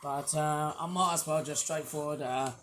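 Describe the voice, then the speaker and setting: A man with a sore, hoarse throat, rambling through a casual toy review vlog from a quiet room at home. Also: fairly high pitch, steady tone, moderate pace, slight background noise. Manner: rambling, repeats fillers and restarts.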